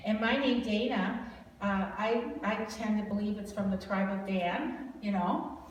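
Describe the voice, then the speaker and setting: This mid-range, unhurried woman from Wisconsin is a guest speaker delivering casual prophecy over a family in a large hall. She laughs often and strays into rambling asides, and the far-off, echoey recording carries a little hiss or hum.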